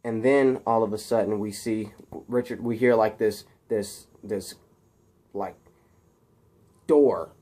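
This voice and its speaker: A man's voice: lowish voice, takes it slowly, pauses often, warm tone. A man casually recapping a film scene, rambling through the story and getting more worked up as the action builds. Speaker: video host retelling a film.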